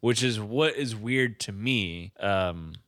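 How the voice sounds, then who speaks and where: A man's voice: on the low side, slow, a bit bright. A man in casual chat, exasperated by a movie, swearing and laughing often.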